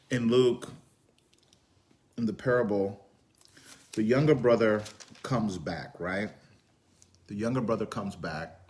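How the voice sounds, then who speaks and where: Man, pastor preaching, lowish voice, hushed whispers then loud storytelling. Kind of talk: sermon.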